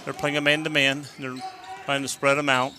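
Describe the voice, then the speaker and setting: A man calling a high school basketball game play-by-play, out of breath and rising with excitement on the big plays. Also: moderate pace, noisy background. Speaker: play-by-play announcer. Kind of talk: local sports commentary.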